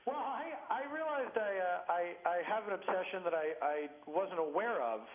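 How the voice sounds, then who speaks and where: A man's voice: sits high, expressive, moderate pace. A comedian phoning in, rambling and self-mocking, often laughing at his own jokes. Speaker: comedian guest. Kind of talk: phoned-in comedy chat. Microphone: phone. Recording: muffled echoey phone line with noise.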